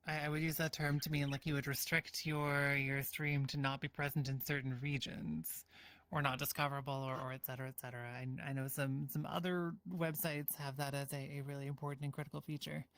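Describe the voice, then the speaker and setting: A woman with a lowish voice hosts a relaxed stream chat. She rambles, restarts her sentences and laughs between thoughts. Her voice is recorded close and dry, with no room sound. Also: fairly quick, no room sound. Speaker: streamer host. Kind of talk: casual chat.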